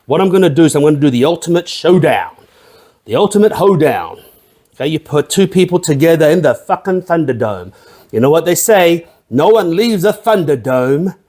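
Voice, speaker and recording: A man, hosting a casual tasting vlog. He rambles and swears freely, with a mellow tone and a pitch that sits a little high. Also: animated, normal speed. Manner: profane, irreverent, rambling. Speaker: host of a drinks review channel.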